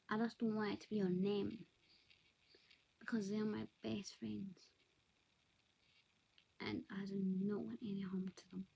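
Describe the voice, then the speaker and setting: Woman vlogger, confessional, half-whispered, gravelly and breathy. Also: medium pitch, low-quality recording. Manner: soft, often whispered, hesitant. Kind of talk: confessional monologue to camera.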